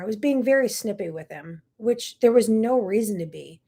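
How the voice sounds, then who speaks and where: A woman's voice: on the high side, quick pace, hardly any pauses, warm tone, slightly rough. A middle-aged woman hosting a talk show, telling a personal story in an earnest, emotional way with many asides. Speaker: host.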